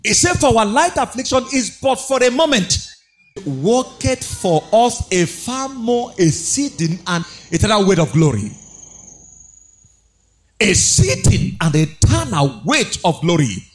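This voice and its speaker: A man's voice: high-pitched, big pitch swings, unhurried. A man preaching a sermon, exhorting with rhetorical questions, repeated phrases and a sing-song emphasis.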